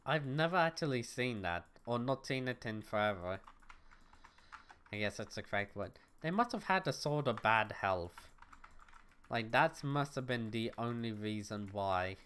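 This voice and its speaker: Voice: medium pitch, lively intonation, measured pace, a bit bright, slight background noise. A young adult livestreamer at home, chatting casually with viewers and thinking aloud while playing. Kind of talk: casual gaming stream chat. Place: at home, neighbors next door.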